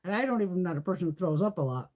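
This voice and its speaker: A middle-aged woman hosting a beauty livestream, telling stories in a loose, animated way, swearing freely and laughing often. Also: on the low side, very fast. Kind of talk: casual chat.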